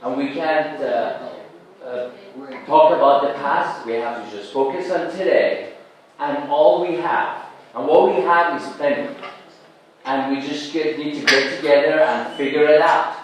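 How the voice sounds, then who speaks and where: A panel guest speaks in a halting, hesitant way, pausing often on fillers. His voice is mid-pitched for a man. He is heard from a distance in a strongly echoing hall. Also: steady tone. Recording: echoey hall from far off.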